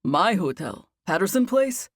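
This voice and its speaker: A woman reading the part of an eager young man talking on the phone, asking choppy, excited questions. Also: on the low side, a little slow, no echo, studio quality, heavily acted.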